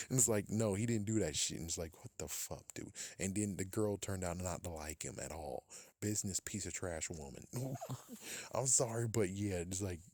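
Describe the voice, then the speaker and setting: A man with a fairly low voice rants through casual podcast commentary. He is profane and exasperated and laughs at his own jokes. The recording is dry and close, with no room echo. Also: lively intonation, moderate pace, darkish tone. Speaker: podcast host.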